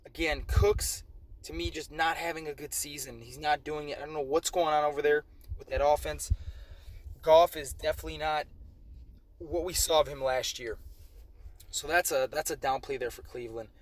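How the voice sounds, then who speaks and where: A man's voice: on the high side, steady tone, moderate pace, low-quality recording. A tired man hosting a fantasy football league preview in a casual, rambling way, with slightly slurred speech and frequent self-corrections. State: tired, late at night. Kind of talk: casual game preview commentary.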